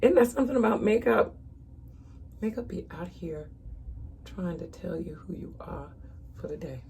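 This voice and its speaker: A chatty woman in her thirties talks straight to the camera as she does her makeup, calling viewers "y'all" in a loose, easygoing way. Her voice sits on the low side, and faint room noise hums behind her. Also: lively intonation, moderate pace, gravelly, warm tone. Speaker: makeup vlogger. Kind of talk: casual makeup tutorial chat.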